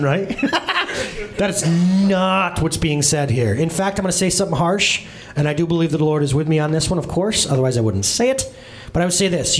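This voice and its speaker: High, lively-voiced man preaching with humor. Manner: animated storytelling with comic voices and quick asides. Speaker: pastor. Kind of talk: humorous sermon.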